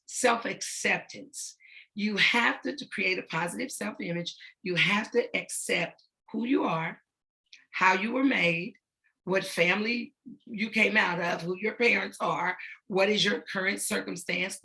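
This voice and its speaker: A middle-aged woman facilitates a self-image talk for young girls, speaking earnestly and emphatically and repeating her key points. Her voice sits on the low side, bright and forceful.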